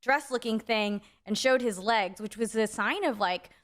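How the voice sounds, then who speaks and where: A woman's voice: fairly high pitch, normal speed, fairly bright tone. A young adult woman co-hosting a faith podcast, telling a story in a rambling casual way, full of "like" fillers. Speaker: podcast co-host.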